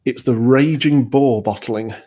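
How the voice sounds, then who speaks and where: A man from England talking casually on a video call as a guest correspondent, relaxed and storytelling. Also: mid-range voice, measured pace, a little hiss or hum. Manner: relaxed, storytelling, self-deprecating. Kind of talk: casual webcast chat.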